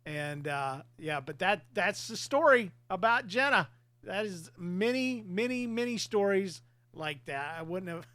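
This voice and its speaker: A man's voice: high-pitched, lively intonation, a little slow, bright, forceful tone, no room sound. A man in his forties, a podcast host, talking candidly about family in casual chat, laughing between thoughts.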